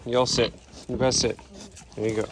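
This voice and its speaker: This man's voice is mid-range and level, moving at normal speed as he chats casually to camera. An animal keeper vlogger, he talks affectionately to his animals among pens and aviaries outdoors, with outdoor noise and animal sounds in the background.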